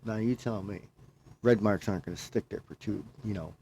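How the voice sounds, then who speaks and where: A man's voice: on the low side, a little fast, dark tone, slight background noise. A man talking casually, telling a long personal story and often quoting himself. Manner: rambling, repeats himself, quotes himself. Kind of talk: casual chat.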